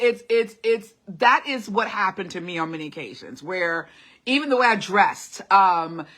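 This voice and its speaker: A middle-aged woman with a classically trained singer's voice hosts a live motivational stream. Her pitch is medium and her tone pushed and bright as she reads comments casually, repeats short words of encouragement and laughs a lot.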